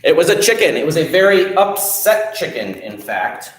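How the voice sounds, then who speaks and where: A man telling a folk tale at a library storytime, animated and drawing pictures as he goes. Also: fairly high pitch, moderate pace. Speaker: children's storyteller. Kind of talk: storytime read-aloud. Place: library room. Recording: echoey room.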